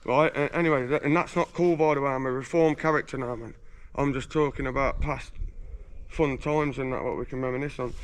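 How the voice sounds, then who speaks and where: A medium-pitched man with a steady tone, talking a little fast over a bit of hiss or hum, is interviewed casually on a residential street outdoors. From England, he's a slangy, swearing, boastful storyteller.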